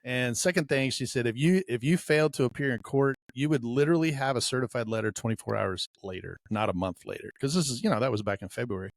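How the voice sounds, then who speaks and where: Rich: A man at a middle pitch tells a story on a podcast in a relaxed, chatty way. He slips into the voices of the people he quotes. The sound is dry and close, with no room echo. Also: fast talker, few pauses. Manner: storyteller who acts out quoted dialogue. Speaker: podcast co-host. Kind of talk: casual podcast chat.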